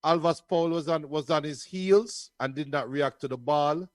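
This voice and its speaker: A man co-hosting a football watch-along, talking in a halting way and giving blunt opinions. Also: on the high side, no echo. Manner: halting and talkative, with repeated restarts and blunt opinions. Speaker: co-host and analyst.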